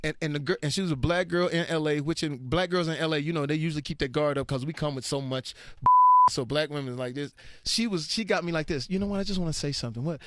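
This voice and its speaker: A man chatting as a guest, telling lively stories and acting out the people in them. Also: fairly high pitch, quick pace. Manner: animated storyteller, acts out voices, laughs often. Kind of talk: casual chat.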